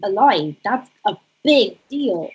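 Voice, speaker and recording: A woman's voice: medium pitch, animated, takes it slowly, dull audio. A woman playing a tabletop role-playing game, speaking in a pointed, incredulous way. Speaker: player. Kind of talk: in-character tabletop play.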